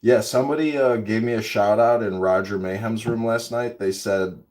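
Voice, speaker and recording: A man's voice: on the low side, steady tone, normal speed, darkish tone. A man chatting casually and rambling through stories with many likes and you-knows. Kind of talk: casual chat. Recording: roomy echo.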